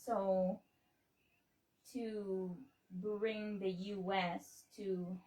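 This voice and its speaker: A woman from Hawaii talking on a casual livestream, slow and halting, with many fillers and restarts. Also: medium pitch, flat delivery, dark tone, distant mic, poor audio. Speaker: livestream host. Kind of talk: casual explanatory livestream talk.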